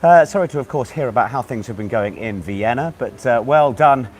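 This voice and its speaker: A man hosting a live online pub quiz, chatting with viewers and reading out their messages while hoarse and still out of breath. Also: mid-range voice, lively intonation, a little fast, slight background noise. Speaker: quiz host. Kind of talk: live-streamed quiz banter.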